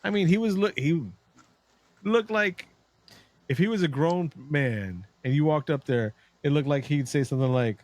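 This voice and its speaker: A man's voice: on the high side, normal speed, a little mellow, no room sound. A man co-hosting a podcast in casual chat, playful and rambling. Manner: playful, rambling, slips into mock voices. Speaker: podcast co-host.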